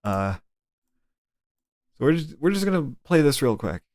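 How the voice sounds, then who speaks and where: Animated swearing young male streamer. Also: a little high, unhurried, no echo. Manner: rambling, swears freely, laughs often. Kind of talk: casual live-stream chat.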